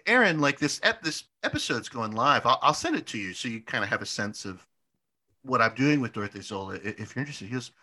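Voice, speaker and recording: A young man spins a story in casual podcast talk, his bright voice rising and falling in wide, animated swings. He trips over his words, restarts often and scatters "like" fillers and the odd swear word. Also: mid-range voice, fast talker. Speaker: podcast co-host.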